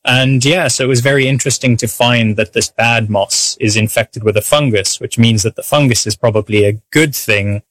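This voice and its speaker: A man's voice: medium pitch, moderate pace, few pauses, no room sound. Man, scientist guest, casual explaining, mid-range voice, dry close sound. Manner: relaxed, explanatory, with hedging fillers. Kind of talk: informal explanation in an interview clip.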